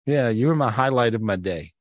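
A man's voice: mid-range voice, animated, a little fast, no room sound. Here is an effusive man who keeps repeating himself, hosting a live healing session over a video call. His voice comes through dry and close, with no room around it. He sounds affectionate and eager. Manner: warm, effusive, repeats phrases. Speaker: spiritual healer and show host.

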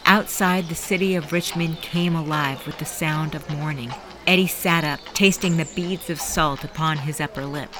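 A woman narrating a dark audiobook chapter dramatically and expressively. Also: deep voice, fairly even intonation, normal speed, hardly any pauses. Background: faint background music.

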